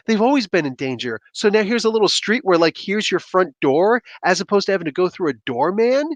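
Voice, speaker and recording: A man hosting a comic book review show, talking in a loose, animated and rambling way with sudden outbursts. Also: high voice, brisk, dry recording, dull audio. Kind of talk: casual commentary.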